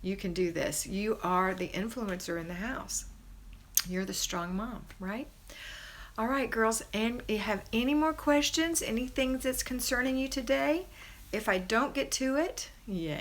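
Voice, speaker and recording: A woman hosting a homemaking live stream, reading viewer comments aloud and praising and encouraging her viewers. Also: normal speed. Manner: chatty, with pitch rising high in excitement. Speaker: homemaking livestream host.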